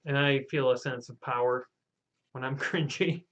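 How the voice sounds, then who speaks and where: Deadpan man making mock prophecies. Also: mid-range voice, moderate pace, lo-fi sound. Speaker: host playing the Hal character. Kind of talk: casual live-stream banter.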